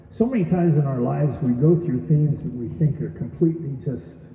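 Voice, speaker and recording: Male speaker, earnest storyteller, dark mellow tone, heard from a distance in a hall. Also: medium pitch, fairly quick, few pauses, a little hiss or hum. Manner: earnest storytelling, addresses audience with questions. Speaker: graduation speaker. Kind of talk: testimonial speech. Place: event hall. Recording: echoey hall from far off.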